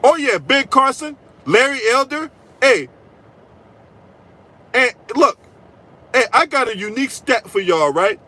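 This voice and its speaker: A man's voice: very high voice, very animated, a little slow, pauses often, sharp tone, poor audio. A man hosting a political commentary channel, delivering a profane, mocking rant full of crude trash talk and repeated "right?".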